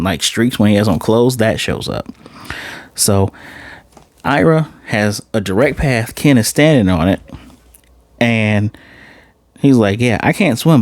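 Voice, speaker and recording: A man casually recapping and reviewing an anime episode, excitable and animated, often jumping into high-pitched voices to retell scenes. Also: no room sound, clean studio sound. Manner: excitable, laughing reactions, restarts.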